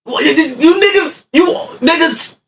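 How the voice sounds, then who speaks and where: A man hosting a podcast, pressing his guest with incredulous, pushy questions and often shouting. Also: extremely high pitch, expressive, measured pace, far from the mic. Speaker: podcast host. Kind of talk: interview questioning.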